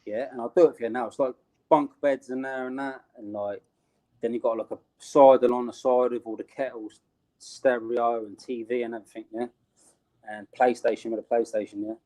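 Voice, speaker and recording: A man's voice: medium pitch, steady tone, moderate pace, dark tone. A young British man telling a street story in casual, slangy talk, laughing along the way. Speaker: interview guest.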